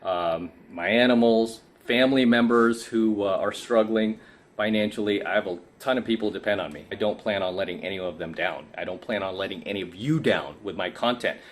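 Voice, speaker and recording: A man's voice: on the low side, fairly quick. A man coaching other men in a casual vlog monologue, emphatic and preachy, often asking "right?", and tired from too little sleep. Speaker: men's coaching YouTuber.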